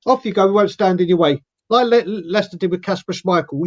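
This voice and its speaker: A man with a high voice delivers long, emphatic rants on a casual stream panel, acting out others' lines as he goes. His audio comes through muffled and lo-fi. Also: quick pace. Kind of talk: casual live-stream football chat. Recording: dull, lo-fi sound.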